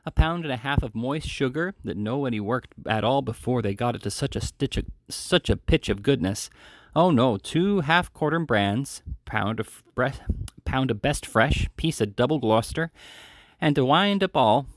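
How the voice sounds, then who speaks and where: A man's voice: medium pitch, expressive, normal speed, no echo, close to an everyday voice. A man reading aloud, voicing a young lad who gushes enthusiastically over a feast. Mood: gushing. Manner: gushing, enthusiastic. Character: gushing young male lad boasting over food.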